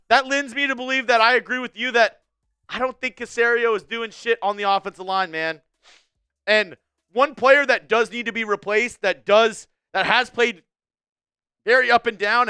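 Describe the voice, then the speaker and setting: A young man hosting a live sports talk stream, chatting casually and ranting with a fan's animated energy. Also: very high-pitched, clear, resonant tone, no room sound, clean studio sound. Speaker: sports show host.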